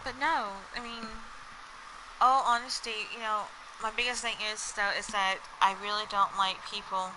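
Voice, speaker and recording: A woman's voice: on the high side, steady tone, moderate pace, noisy background. A young woman vlogger chatting casually to camera, rambling with lots of fillers and breaking into bits of song. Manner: rambling, lots of "like" and "you know"; breaks into snatches of song while telling stories.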